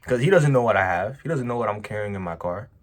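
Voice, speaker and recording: A man with a fairly low voice tells a personal story straight to camera. He talks casually and emphatically, drops slang like "bro", and swings his pitch up and down for effect. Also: expressive, quick pace. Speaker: vlogger, business owner.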